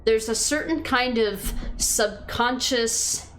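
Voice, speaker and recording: A woman's voice: a little high, slow, fairly bright tone, slight background noise. Chatty woman streamer thinking aloud. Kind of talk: casual chat reading viewer comments.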